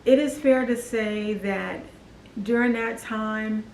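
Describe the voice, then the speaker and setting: A woman's voice: fairly high pitch, a little hiss or hum. Woman telling a personal story, roomy sound. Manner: halting, reflective storytelling with restarts. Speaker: vlogger. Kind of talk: personal testimony vlog. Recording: echoey room with faint ambience.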